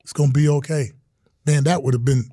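Man, middle-aged, interview guest, animated storyteller, acts out quotes, dry close sound. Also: on the high side, fairly quick, no room sound. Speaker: interview guest, retired football player.

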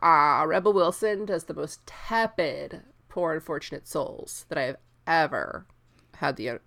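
A woman's voice: deep voice, a little slow, gravelly, a bit bright. A woman co-hosting a casual podcast chat, rambling and laughing as she talks. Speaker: podcast co-host.

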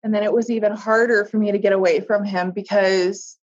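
A woman as an interview guest, telling a personal story in a candid, emotional way, often halting and searching for words. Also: mid-range voice, fairly even intonation, darkish tone. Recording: dull lo-fi audio.

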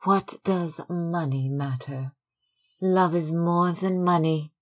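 A man's voice: on the high side, steady tone, slow, pitched above the performer's own voice. A man reading aloud, voicing a young girl in love in a raised, breathless, pleading tone. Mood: giddy, lovestruck.

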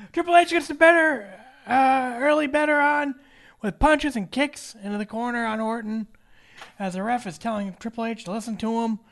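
A podcast co-host chatting casually and joking while narrating a wrestling match move by move. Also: mid-range voice. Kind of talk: casual podcast chat with play-by-play recap.

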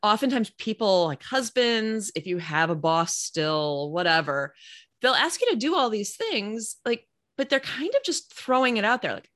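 A woman of middle pitch chats freely, her voice rising and falling widely as she acts out little quotes. The sound is close and dry. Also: moderate pace, no room sound. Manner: expressive, quotes herself and others, laughs. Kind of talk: casual chat.

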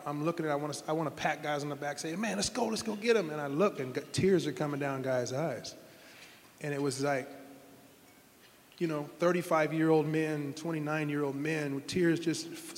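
A man's voice: fairly high pitch, long reverb tail, a little hiss or hum. A middle-aged man, a former football quarterback, telling heartfelt stories in an interview with earnest, rambling restarts. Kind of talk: interview storytelling.

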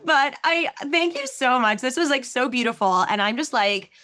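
A woman's voice: high voice, lively intonation, normal speed, bright, forceful tone. A woman business coach hosting a casual podcast interview over a video call, effusive and emotional, rambling a little.

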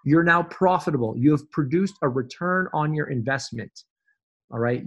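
A man with a slightly high, breathy voice and moderate pace guests on a podcast as a fitness business coach. In this conversational interview he speaks emphatically and motivationally, repeating phrases for effect, and the sound is lo-fi.

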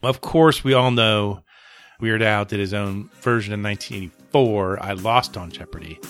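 A man's voice: on the low side, normal speed, fairly bright tone, no room sound. A man co-hosting a podcast, chatting casually and enthusiastically about music with rambling asides. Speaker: podcast co-host.

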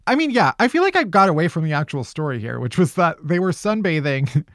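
A man's voice: on the high side, big pitch swings, quick pace, dry recording, studio quality. A man hosting a podcast, chatting and joking with many "like" fillers. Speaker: podcast host. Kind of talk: casual comedic podcast chat.

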